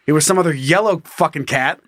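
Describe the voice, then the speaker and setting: A man co-hosting a podcast, telling profane stories with lots of energy and bursting into shouted mock voices. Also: on the high side, quick pace, no echo. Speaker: podcast co-host. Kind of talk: casual comedic chat.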